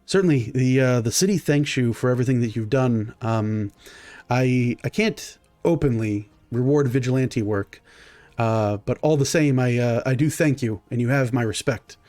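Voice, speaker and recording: A man voicing a grateful, formal male guard captain who speaks haltingly. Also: medium pitch, a little mellow, dry recording, natural voice.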